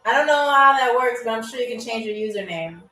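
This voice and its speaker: A woman hosting a live-streamed game show, teasing viewers and reading their comments aloud, and saying foreign phrases very slowly. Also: fairly high pitch, expressive, bright, forceful tone. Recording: roomy, mic at a distance, faint music.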